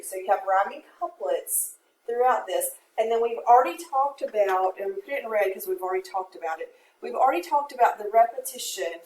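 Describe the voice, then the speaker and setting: Woman teacher, unhurried classroom delivery, recorded from far off with faint background hiss. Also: on the high side. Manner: explains step by step, quotes verse aloud. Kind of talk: classroom poetry lesson. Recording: echoey room from a distance, faint noise.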